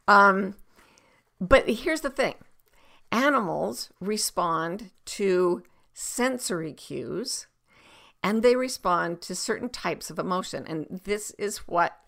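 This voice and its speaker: Woman, middle-aged, coach, podcast advice, gravelly, expressive, occasional whispers. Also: on the low side. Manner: expressive, acts out example exchanges, sometimes drops to a whisper.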